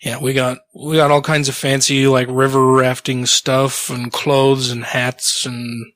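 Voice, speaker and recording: As a podcast co-host, this man chats casually, joking, swearing, and chuckling in a loose manner. His medium-pitched, fairly bright voice sounds slightly strained, moving little in pitch and keeping a measured pace.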